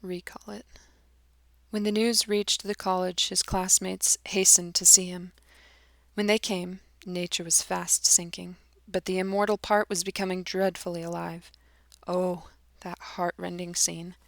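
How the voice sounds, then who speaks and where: A woman reading aloud a religious testimony in a grave, measured and dramatic manner. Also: fairly low pitch, level tone, gravelly, no room sound, clean studio sound. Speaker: audiobook reader.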